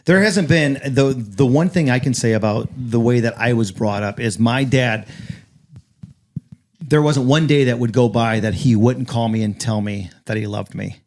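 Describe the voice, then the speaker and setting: A man's voice: mid-range voice, normal speed. Earnest man talking about fatherhood. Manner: earnest, repeats words when emphatic. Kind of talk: casual roundtable chat.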